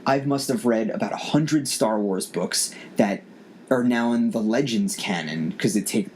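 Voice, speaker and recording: A man's voice: on the low side, measured pace, darkish tone. A man in his forties hosting a casual podcast, rambling with many restarts as he thinks aloud. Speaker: podcast host. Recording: faint background noise.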